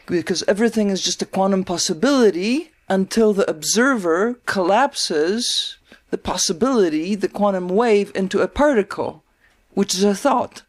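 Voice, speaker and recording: Thoughtful retreat participant, mid pitch. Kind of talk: casual group discussion.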